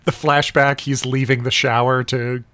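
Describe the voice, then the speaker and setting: A man co-hosting a podcast, joking about a film and acting out scenes in quick asides. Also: mid-range voice, little pitch movement, a bit bright, no echo. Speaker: podcast co-host. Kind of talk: casual movie discussion.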